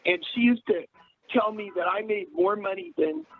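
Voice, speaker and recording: A man on a radio panel telling long rambling stories in casual chat, launching into loud impressions. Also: high-pitched, lively intonation, normal speed, phone-quality sound.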